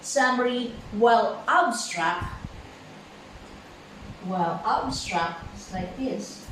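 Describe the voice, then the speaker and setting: Slow woman teacher in an echoey room. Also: a little high, fairly bright tone, far from the mic, slight background noise. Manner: slow, halting, many fillers and repeated words. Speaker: English pronunciation teacher. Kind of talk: slow classroom lesson.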